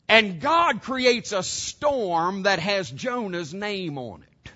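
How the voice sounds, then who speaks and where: A man's voice: sits high, sing-song, slow pace, sharp tone, highs cut off. A man preaching a sermon to his congregation, emphatic and direct, throwing out rhetorical questions. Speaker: pastor.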